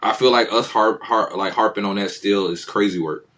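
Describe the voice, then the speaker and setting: A man's voice: fairly low pitch, normal speed, fairly bright tone. A man co-hosting a podcast, retelling a conversation in casual chat and repeating himself as he goes. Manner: repetitive, retelling with many "he was like". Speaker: podcast co-host.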